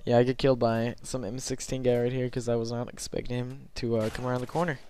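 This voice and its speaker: A young man giving rambling, self-conscious gameplay commentary from his bed late at night, filling pauses with lots of ums. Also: mid-range voice, little pitch movement, darkish tone, a little hiss or hum.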